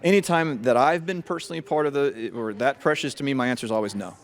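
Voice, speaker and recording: A middle-aged FBI agent with a mid-range voice answers interview questions about scams. He is measured and thoughtful, often restarting his sentences.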